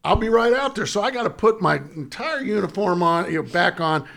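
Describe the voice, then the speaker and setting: A man's voice: high voice, fairly quick, gravelly. A middle-aged man, a former ballplayer, telling a story in casual chat and laughing through it. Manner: laughs through his own story, animated. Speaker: former pro baseball first baseman, guest.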